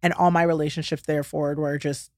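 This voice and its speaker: A woman's voice: low-pitched, level tone, brisk, a little mellow, no room sound. Woman podcast host, chatty and probing, dry close mic. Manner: chatty, filler-heavy, probing questions. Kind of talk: casual chat.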